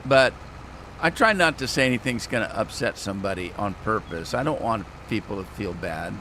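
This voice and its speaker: A man's voice: on the low side, animated, normal speed, sharp tone, slight background noise. A man streaming a farming game, chatting casually and telling rambling stories with chuckles. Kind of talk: casual gameplay commentary.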